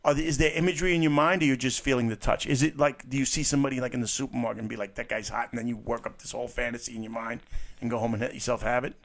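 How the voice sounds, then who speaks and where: Brash fast-talking man teasing a caller. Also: medium pitch, fairly even intonation. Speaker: co-host. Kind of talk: crude comedic call-in banter.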